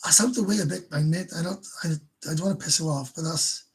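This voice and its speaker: This is a Welsh man hosting a loose livestream, his voice deeply husky and worn. He sits a little higher in pitch than most men and rambles as he talks, swearing casually and doubling back on half-finished phrases. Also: fast talker. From Wales. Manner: rambling, swears freely, stumbles and repeats words. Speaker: livestream host. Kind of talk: casual livestream chat answering viewers.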